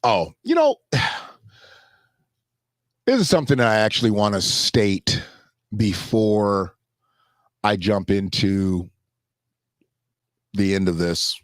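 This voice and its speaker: A man hosting a casual solo commentary show, talking loosely and jumping into high mocking voices when he quotes others. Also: sing-song, slow pace, pauses often, no echo, clean studio sound.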